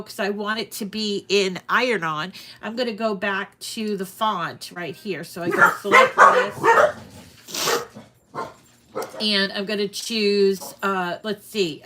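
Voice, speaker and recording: A woman hosts a crafting channel, giving a casual screen-share tutorial from home in a mid-range voice that is slow, pushed, and bright. Slightly out of breath, she chats and meanders with frequent ums and restarts.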